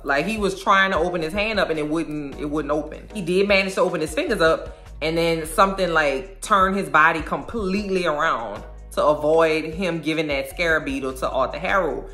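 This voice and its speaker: A woman with a low voice retells a show episode in loose, animated, slangy chat. She slips into the characters' lines as she goes. The room around her is echoey, with faint music underneath. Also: normal speed. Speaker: video host recapping a show episode. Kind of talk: casual recap chat.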